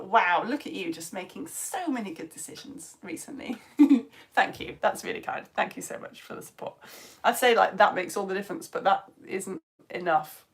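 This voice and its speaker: A woman's voice: mid-range voice, moderate pace. A British woman teaching a live online science lesson, reading out viewer comments and greeting children by name in a gushing, chatty way with self-mocking asides.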